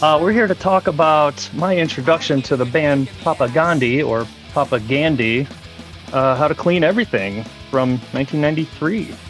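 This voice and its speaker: Wry, relaxed American man in a basement. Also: on the high side, fairly quick, few pauses, soft background music. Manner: relaxed, wry, hesitant with fillers. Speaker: regular podcast guest. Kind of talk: casual chat. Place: unfinished basement at home. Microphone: headphones and mic on a video call.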